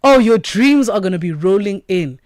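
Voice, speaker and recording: A woman's voice: medium pitch, lively intonation, normal speed, darkish tone, no echo. A woman hosting a morning radio show, talking in an effusive, motivational way from the studio. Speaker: radio host.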